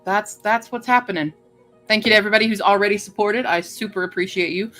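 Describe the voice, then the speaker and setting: A woman's voice: medium pitch, quick pace, pushed and bright, faint music behind. Chatty woman streamer, rambling. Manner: chatty and rambling, with many fillers. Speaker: livestreamer greeting chat. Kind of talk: casual live-stream chat.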